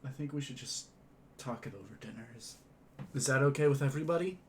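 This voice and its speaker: Weary gentle adventurer, as a man reads him; soft, halting, close to a plain voice. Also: mid-range voice, slight background noise, close to an everyday voice. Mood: subdued.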